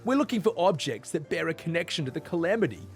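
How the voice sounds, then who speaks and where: A man's voice: on the high side, very animated, fast, faint music behind. A man voicing a polite, earnest male adventurer in a video game.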